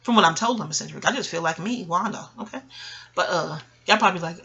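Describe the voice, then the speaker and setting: Brief: bright-voiced woman in her forties from Queens, rambling and cursing as she digresses. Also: mid-range voice, fast, slightly rough, lo-fi sound. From Queens, New York. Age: 40s. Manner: digressive, profane, laughs loudly. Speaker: channel host. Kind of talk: rambling audio monologue.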